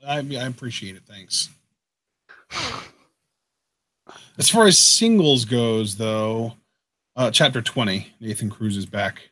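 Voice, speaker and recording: Guy teasing his buddy about wrestling, bouncy pitch, dry mic. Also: expressive, slow, long pauses, fairly bright tone, no room sound. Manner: teasing, playfully needling his co-host. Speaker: co-host of wrestling reaction show. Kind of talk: live wrestling reaction chat.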